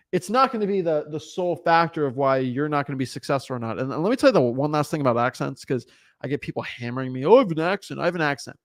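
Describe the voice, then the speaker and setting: Young male co-host, emphatic coaching talk, slightly high voice, keeps checking in with the listener. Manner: emphatic, repeats words, asks "right?" often. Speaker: real estate coach, co-host. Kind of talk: energetic motivational talk.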